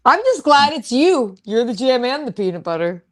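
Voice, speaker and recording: A woman's voice: high voice, sing-song, moderate pace. Giggly teasing female co-host. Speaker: show co-host. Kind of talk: live call-in show chat.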